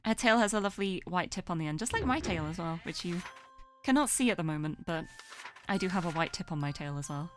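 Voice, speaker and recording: Playful woman streamer with a lively voice. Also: fairly low pitch. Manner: playful, coos and baby-talks to her cat. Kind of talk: casual game stream chat. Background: game music.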